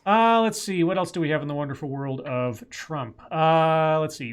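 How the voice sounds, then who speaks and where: A man with a fairly high voice co-hosts a casual political talk stream. He rambles, restarts his sentences and breaks off to comment on what he reads. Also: normal speed, hardly any pauses, clean tone. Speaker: co-host of a news talk stream.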